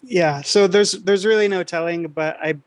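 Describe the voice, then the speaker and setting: A man with a slightly raised pitch speaks as a podcast guest. He is deadpan and measured, and his voice is close and dry. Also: dry recording. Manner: dry, deadpan one-liners. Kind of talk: casual chat.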